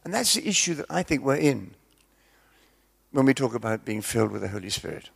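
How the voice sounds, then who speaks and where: Gravelly man telling jokes. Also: mid-range voice, big pitch swings, brisk. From Scotland. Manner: chatty, self-deprecating, tells jokes. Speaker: preacher. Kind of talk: sermon with humorous storytelling.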